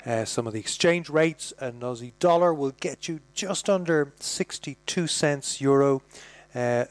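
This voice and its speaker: A man presenting a radio show in a relaxed, chatty way. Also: mid-range voice, dry recording. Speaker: radio host.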